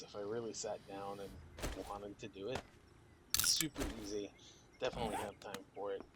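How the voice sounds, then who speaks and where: A young man who hosts a gaming channel sounds tired as he gives easygoing, wandering commentary on a survival game, leaning heavily on fillers. His pitch is fairly low, with noise in the background.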